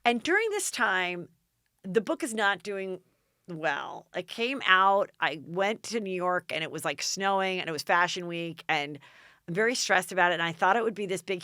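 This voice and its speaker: A middle-aged American woman hosting a podcast, telling a story in a lively, dramatic way and acting out the people she quotes. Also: lowish voice, moderate pace, no echo, studio quality. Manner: animated, dramatic retelling with quoted voices. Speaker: podcast host. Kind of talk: casual storytelling chat.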